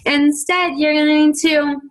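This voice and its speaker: Woman giving an expressive spiritual talk. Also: high-pitched, slow pace, low-quality recording. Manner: acts out quoted voices and whiny children. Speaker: faith-based self-help teacher.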